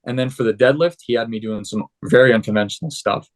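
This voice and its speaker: Casting: young adult man, podcast guest, animated storyteller with a mid-range voice. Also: mid-range voice, fast talker. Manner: animated, acts out quoted dialogue. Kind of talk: casual storytelling.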